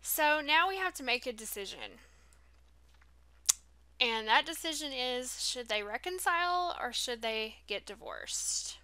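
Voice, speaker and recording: A woman's voice: high-pitched, animated, a little slow, sharp tone, smooth. A woman doing casual gameplay commentary, reacting with dismay and talking to the characters on screen. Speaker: let's play host.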